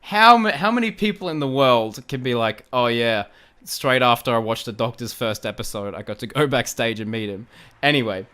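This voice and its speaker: A young man with an Australian accent, telling a story in an excitable casual podcast chat, often laughing and repeating himself. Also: mid-range voice, normal speed, clear, resonant tone. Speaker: guest, fan video creator.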